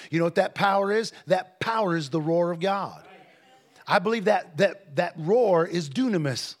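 Fervent high-voiced preacher. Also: male voice. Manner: builds from conversational to shouted preaching; fervent, drawn-out emphasis. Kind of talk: sermon.

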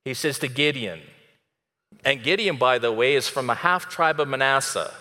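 A pastor with a bright, ringing tone preaches a sermon in church. He tells the story with energy and acts out each character as he goes. Long church-hall reverb trails behind his voice. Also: medium pitch, lively intonation, normal speed.

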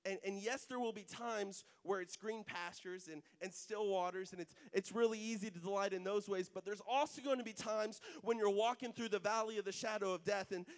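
Earnest male preacher with a very high voice, addressing the congregation in church. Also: clear, resonant tone, big-room sound. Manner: earnest, speaks straight to the congregation. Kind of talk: sermon.

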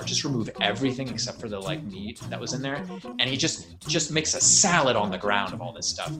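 A young man, a puppeteer from New York State, chatting in an interview and telling long stories in a loose, rambling way full of "like"s. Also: mid-range voice. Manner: rambling, animated storyteller with many "like"s. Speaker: puppeteer guest. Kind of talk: casual interview storytelling.

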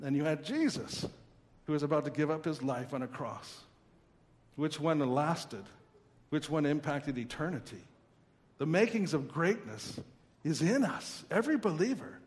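A man in his thirties preaching a sermon as pastor, earnest and emphatic with pauses, in a large church. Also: a little high, lively intonation, big-room sound.

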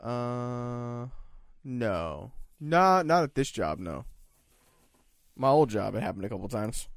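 A young man co-hosting a podcast, laid-back and swearing, talking in halting bits with restarts. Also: medium pitch, sing-song, no room sound, studio quality. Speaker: podcast co-host. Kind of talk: casual chat.

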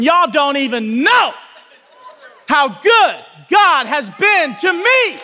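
A man preaching a testimony sermon in a church, talking with passion and folksy asides, and shouting at the peaks. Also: very high voice, big pitch swings, slow pace, long reverb tail, some chatter behind, a little hiss or hum. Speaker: pastor. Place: church sanctuary with congregation.

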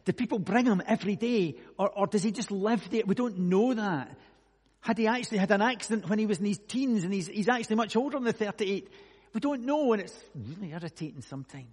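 A man preaching a conversational sermon, musing aloud with many rhetorical questions and moving between hushed and loud delivery. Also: high-pitched, animated, quick pace, breathy edge. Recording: long echoey hall reverb.

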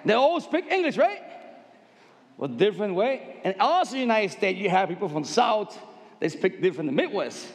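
Preacher, high voice, emphatic broken English, ringing hall reverb. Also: male voice, big pitch swings, normal speed. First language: Spanish. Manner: emphatic, broken English, swings from soft asides to loud exclamations. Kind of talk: sermon.

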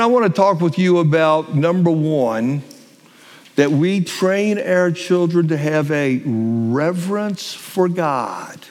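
A middle-aged man preaching a sermon as pastor, stressing key phrases and repeating them slowly. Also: a little high. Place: church sanctuary. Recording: long hall reverb.

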